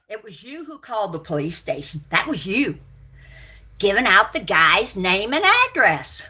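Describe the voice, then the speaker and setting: A woman on a livestream, angrily ranting at her viewers, swearing and accusing, shouting out names, then muttering to herself between outbursts. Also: medium pitch, sing-song, a little slow, slightly rough. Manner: profane, accusing, shouting and yelling. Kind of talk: angry livestream rant at viewers.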